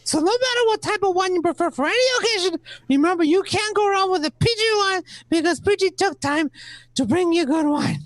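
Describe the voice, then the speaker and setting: Woman playing a hammy male radio announcer, very high voice. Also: brisk, dry recording, poor audio. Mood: sales pitch. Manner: playful, rambling, hammy sales pitch. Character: chatty male radio announcer selling wine. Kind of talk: amateur radio play acting.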